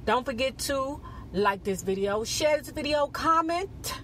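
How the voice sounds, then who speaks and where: Sassy high-voiced gossip host woman. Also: expressive, a little slow, slight background noise. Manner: sassy and profane, with frequent "child" and "baby". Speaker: celebrity gossip vlogger. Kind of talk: casual gossip commentary. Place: not on camera, audio-only.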